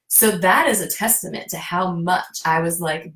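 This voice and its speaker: A woman talking as a guest in a casual conversation, effusive, acting out her own quoted thoughts in lively bursts. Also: fairly low pitch, moderate pace, few pauses. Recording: roomy echo.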